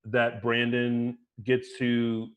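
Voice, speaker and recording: A man co-hosting a soap opera recap podcast, talking in a playful, animated way and acting out quotes. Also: medium pitch, drawn-out words, narrow, tinny audio, a little hiss or hum. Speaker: podcast co-host. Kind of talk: casual chat.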